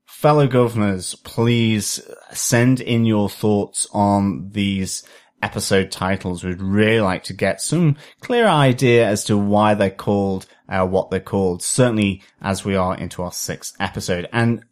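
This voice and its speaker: A man's voice: fairly low pitch, unhurried. A man co-hosting a podcast in casual chat, rambling and hesitant, with frequent ums and restarts. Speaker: podcast co-host.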